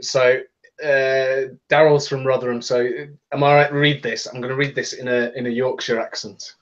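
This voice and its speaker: A man's voice: medium pitch, little pitch movement, normal speed. A British man hosting a casual podcast chat, laughing often and reading posts aloud. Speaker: podcast host. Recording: dull lo-fi audio.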